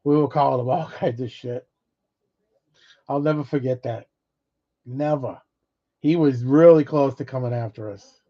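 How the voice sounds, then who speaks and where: A man's voice: mid-range voice, normal speed, pauses often, warm tone. Rambling man, swearing, muffled audio. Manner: rambling, swears freely, laughs between stories. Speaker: vlogger. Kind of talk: casual rambling storytelling. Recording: dull lo-fi audio.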